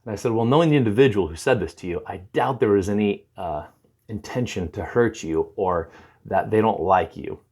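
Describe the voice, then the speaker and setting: Man, lowish voice, animated storyteller, acts out both sides of a talk. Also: a little fast, husky. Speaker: recovery counselor. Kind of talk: talking to camera, storytelling advice.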